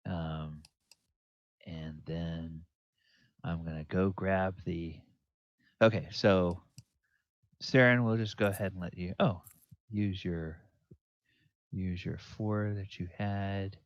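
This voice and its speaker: A low-voiced man narrates a tabletop game as dungeon master, pausing often with ums and restarting his sentences. He talks very slowly. The recording is dry and slightly muffled. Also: fairly even intonation, no room sound. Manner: halting, full of ums and restarts. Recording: dull lo-fi dry sound.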